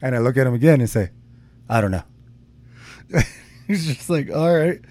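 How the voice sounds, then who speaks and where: A man's voice: mid-range voice, expressive, moderate pace, a little mellow. A young man co-hosting a podcast, telling a long personal story in casual chat, rambling with fillers and frequent swearing. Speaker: podcast co-host.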